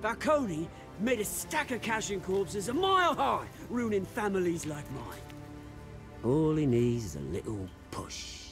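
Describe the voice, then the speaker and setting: Casting: a gravelly, high-pitched villain, theatrical and menacing, game score behind. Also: male voice, big pitch swings, takes it slowly, exaggerated voice. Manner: menacing, theatrical, swings between loud and hushed. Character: scheming male crime boss with British accent. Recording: game audio with music underneath.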